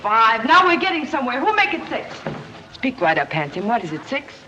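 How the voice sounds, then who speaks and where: A sassy saloon singer with quick, brassy patter. Her voice is high and swoops lively up and down. It comes through a hissy, dull old 1930s film soundtrack. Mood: showman.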